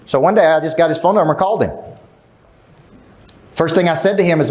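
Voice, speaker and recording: A man's voice: a little high, quick pace, long pauses, a little mellow. Emphatic middle-aged male sales coach. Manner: emphatic, asks the crowd questions, acts out quotes. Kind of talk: live seminar talk to an audience. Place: large event room.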